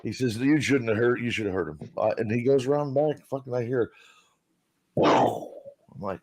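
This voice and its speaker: A man's voice: mid-range voice, lively intonation, normal speed, darkish tone. A man telling a long, rambling, profane story in casual talk on a live stream panel.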